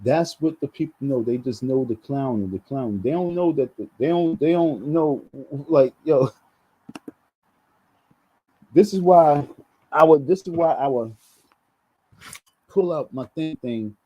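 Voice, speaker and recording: A man's voice: a little high, measured pace, pauses often, dark tone, slightly rough, rough recording. A man venting in a heated, repetitive rant on his vlog, full of restarts and slang. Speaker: vlogger.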